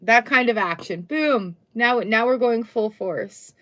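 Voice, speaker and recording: In an unhurried delivery, a middle-aged woman with a fairly high, pushed, bright voice reads tarot on a live stream. Her manner is chatty and upbeat, with plenty of exclamations and little bursts of singing.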